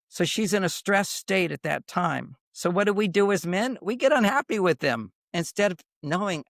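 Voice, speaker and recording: A man's voice: sits high, moderate pace, gravelly, fairly bright tone, no echo, studio quality. An older man speaking as a podcast guest, giving relationship advice in an emphatic, rambling way and repeating his points for emphasis. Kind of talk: conversational advice monologue.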